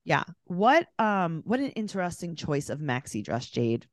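Woman podcast co-host, low and very lively, joking recap, dry close mic. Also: moderate pace, dry recording. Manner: animated, joking recaps with quoted voices. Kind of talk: casual chat.

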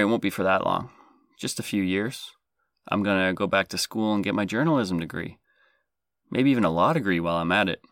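A man's voice: fairly low pitch, creaky, fairly bright tone, dry recording, studio quality. A man hosting a comedy podcast, talking in a self-deprecating, jokey, sarcastic way. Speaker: podcast host.

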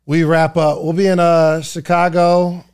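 A man co-hosting a podcast, chatting casually as an animated storyteller who laughs often and rambles loosely. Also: a little high, measured pace, smooth. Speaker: podcast co-host.

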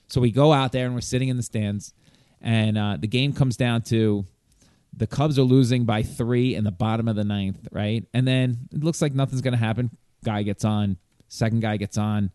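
Guy rambling thru a story on a podcast, excited, swears some, dry close sound. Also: medium pitch, normal speed, clean tone, dry recording. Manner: animated, rambling, profane storyteller. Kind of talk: casual storytelling chat.

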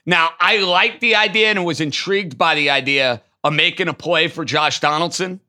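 A man hosting a call-in sports talk show, taking callers and arguing his takes emphatically. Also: fairly high pitch. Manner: emphatic, animated, quick to riff. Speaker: sports radio host.

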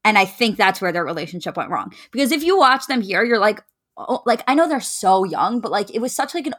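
A woman's voice: mid-range voice, very animated, brisk, a bit bright. A young woman co-hosting a podcast, chatting casually and analyzing a reality show at length, with many "like" fillers. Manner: talkative, analytical, heavy use of "like". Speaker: podcast co-host.

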